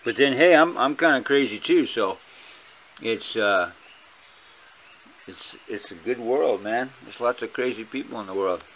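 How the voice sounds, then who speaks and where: A man's voice: medium pitch, measured pace, long pauses, a bit bright, slight background noise. A man with a Hawaiian accent talking casually to his viewers at home, rambling, blunt and profane. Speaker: vlogger.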